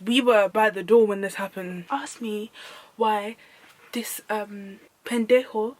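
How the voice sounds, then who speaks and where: A woman's voice: medium pitch, slow pace. A young woman telling a storytime vlog, slangy and emphatic, repeating lines for effect. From United Kingdom. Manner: animated, slangy, emphatic repetition. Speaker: vlogger.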